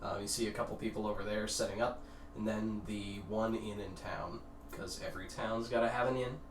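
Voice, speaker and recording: A game master narrating a tabletop game, unhurried and quick to laugh. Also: medium pitch, steady tone, reverberant, far from the mic, a little hiss or hum.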